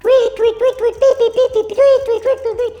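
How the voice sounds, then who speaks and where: A woman's voice: very high voice, fairly even intonation, normal speed, dark tone, highs cut off, faint music behind. A woman voicing a sweet little bird in a kids' puppet show, chirping tweet tweet and beep beep. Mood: chirpy.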